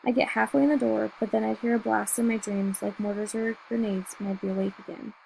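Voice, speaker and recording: A woman reading a novel aloud in first person, telling the story in a steady, measured way. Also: medium pitch, gravelly, slight background noise, low-quality recording. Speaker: audiobook reader.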